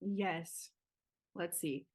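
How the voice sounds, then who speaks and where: A young woman guest in an interview, talking casually with lots of "like" and "yeah" fillers. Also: on the low side. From Nigeria. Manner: chatty, quick, many "like" and "yeah" fillers. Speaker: guest, filmmaker.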